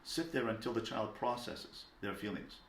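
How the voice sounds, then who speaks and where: A low-pitched man teaches parents in a calm, measured lecture, leaning on key words. His voice rings in a noticeably echoey room. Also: slight background noise. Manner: calm and deliberate, stressing single words.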